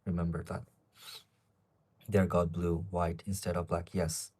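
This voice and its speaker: A young man in his twenties with an Asian accent in English, talking in a low voice on a casual live stream. He reads out viewer questions and answers them off the cuff, rambling from one point to the next. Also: level tone, a little slow, darkish tone, breathy edge. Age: 20s.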